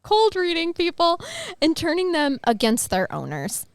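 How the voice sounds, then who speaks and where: Animated high-voiced woman podcaster. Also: a little slow, no room sound. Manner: laughs a lot, animated and playful. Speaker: podcast co-host. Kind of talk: casual chat, reading news items aloud.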